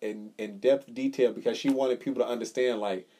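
A man's voice: medium pitch, steady tone, brisk, mellow. A man co-hosting a casual podcast chat, telling a story with swearing and acting out the quotes. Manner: storytelling, profane, acts out quotes. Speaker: podcast co-host.

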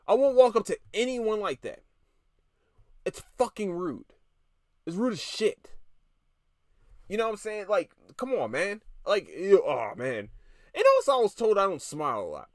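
A man's voice: sits high, dry recording, studio quality. Irritated profane man ranting on a podcast. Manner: irritated, profane, rapid restarts and stammers. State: tired. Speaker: podcast host. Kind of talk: casual ranting monologue.

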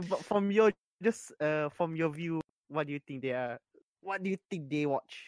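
A man's voice: on the high side, normal speed, dry recording. A man, asking curious questions and laughing in a casual podcast chat. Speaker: podcast co-host.

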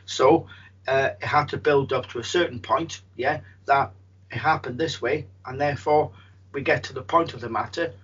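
A medium with a husky voice, telling a story in a rambling way, with many restarts. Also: male voice, mid-range voice, moderate pace, a bit bright, dull audio. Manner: rambling, frequent restarts and fillers. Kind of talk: storytelling in an interview.

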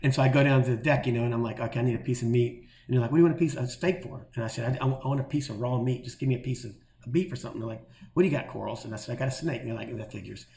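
A middle-aged man telling a long story in a casual, animated way and acting out the voices of the people in it. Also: medium pitch, rapid-fire, hardly any pauses, roomy sound. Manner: animated, acts out quoted voices. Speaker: guest telling stories.

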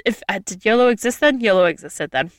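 A young woman telling a travel story in a casual chat, lively and full of "like" fillers. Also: mid-range voice, quick pace, no room sound, studio quality. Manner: lively, chatty, frequent "like" fillers.

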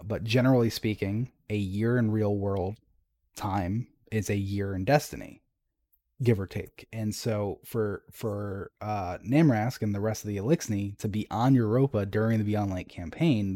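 Mellow-voiced man chatting casually. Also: on the low side, moderate pace, no echo. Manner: rambling with many fillers and restarts. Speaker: podcast co-host discussing game lore. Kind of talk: casual chat, reading lore entries aloud.

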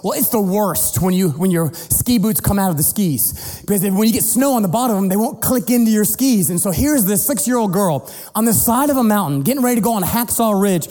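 A middle-aged man preaching as a pastor, telling a family story in an animated, playful way and acting out the voices. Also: high-pitched, brisk. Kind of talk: sermon storytelling. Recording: long hall reverb with faint music.

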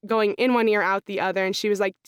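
A woman's voice: medium pitch, fairly even intonation, quick pace, clean tone, no echo, studio quality. A young woman, an accounting student, telling her story in a casual interview, chatty with lots of "like" fillers. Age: young adult. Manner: chatty, frequent "like" fillers, reenacts own thoughts.

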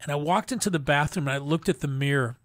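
A middle-aged man telling his personal testimony as an interview guest, in an earnest, halting way with frequent restarts. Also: a little high, fairly bright tone, no room sound. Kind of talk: emotional personal story in a faith interview.

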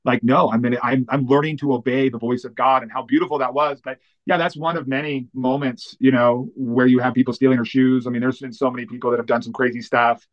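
A man who works as a pastor, recounting one story after another, full of "like" and "you know". His voice sits in the middle range. The recording is slightly muffled and lo-fi. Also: mid-range voice. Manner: animated, fast-running anecdotes with many fillers. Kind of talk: storytelling in an interview.

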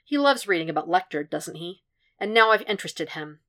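A woman voicing a weary, calm and stubborn male profiler who speaks in a low, dry, level way. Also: fairly quick.

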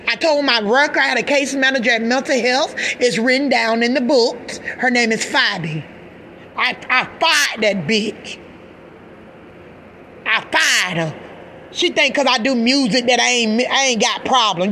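A woman's voice: a little high, expressive, normal speed, a bit bright, slight background noise. A middle-aged woman, a mother, giving an impassioned personal rant to camera, agitated and emphatic, swearing and repeating herself. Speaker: mother speaking out in a video.

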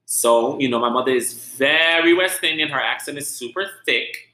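A man's voice: mid-range voice, normal speed, pushed and bright. A man from Saint Vincent with a light Vincentian accent, hosting a casual solo podcast and telling a story animatedly, swearing freely. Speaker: podcast host. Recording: roomy echo.

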